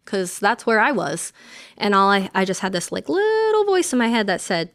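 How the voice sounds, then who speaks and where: A woman's voice: medium pitch, expressive, normal speed, a bit bright. A woman Army veteran telling her personal story as a podcast guest, speaking frankly with lots of fillers and some casual swearing.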